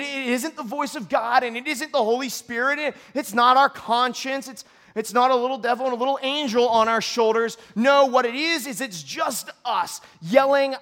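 A male pastor delivering an earnest, confessional sermon to a church congregation, moving from quiet reflection to loud outbursts. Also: extremely high pitch.

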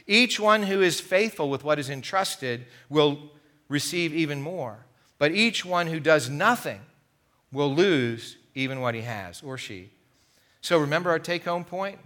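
Middle-aged male pastor, slightly high and bright tone, animated sermon storyteller. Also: normal speed. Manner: animated storytelling, acting out the parable's voices. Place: church sanctuary.

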